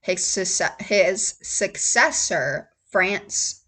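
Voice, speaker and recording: A woman reads aloud softly in a whispered role-play ASMR style. She goes at a very unhurried pace, pausing often. When a name trips her up, she spells it out letter by letter. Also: mid-range voice, animated, husky. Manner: slow halting reading, spells out hard words letter by letter; gets emotional and laughs between passages. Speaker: ASMR host reading aloud.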